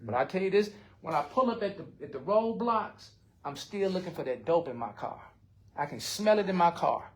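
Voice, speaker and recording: A man's voice: sits high, animated, moderate pace. Blunt, profane older man. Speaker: recovery group member. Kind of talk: support circle sharing.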